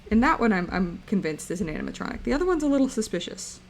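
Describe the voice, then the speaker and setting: A woman's voice: a little high, sing-song, fast talker, a little hiss or hum. A young woman streaming live, chatting playfully and rambling to her viewers while she draws. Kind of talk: casual live-stream chat while drawing.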